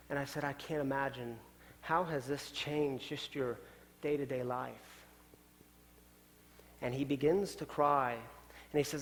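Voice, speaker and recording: A male pastor telling a story in a sermon, swinging from loud, urgent lines down to quiet, hushed ones. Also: medium pitch, steady tone, a little slow, long pauses. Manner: dramatic shifts from loud to hushed. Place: church sanctuary. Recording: long church hall reverb.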